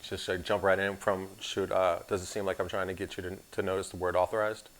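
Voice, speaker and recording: A man's voice: low voice, little pitch movement, quick pace, fairly bright tone. Sarcastic male insurance instructor. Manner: sarcastic, joking asides. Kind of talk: recorded classroom lecture.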